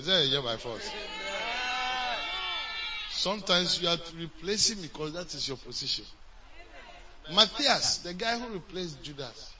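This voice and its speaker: A male pastor, preaching a sermon and telling a story, swinging between loud and hushed, on a dull lo-fi recording. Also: a little high, far from the mic, slight background noise.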